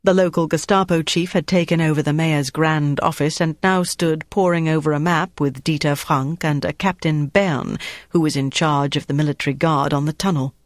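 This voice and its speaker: An audiobook narrator reading a novel in a steady, even storytelling voice. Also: medium pitch, normal speed, dry recording. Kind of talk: scripted narration.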